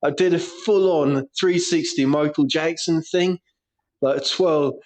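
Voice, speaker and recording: A man co-hosting a chatty podcast, his voice sitting a little high for a man. He rambles through crude anecdotes and keeps breaking into laughter. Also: fairly even intonation, measured pace, darkish tone. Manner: laughs a lot while telling crude stories. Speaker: podcast co-host. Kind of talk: casual storytelling banter.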